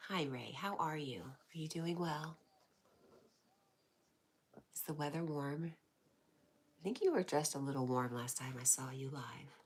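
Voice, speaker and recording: Low-voiced soft-spoken woman, half whispering. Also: a little slow, pauses often, husky. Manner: warm, affectionate replies with frequent laughs. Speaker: livestream host. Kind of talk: reading and answering live chat.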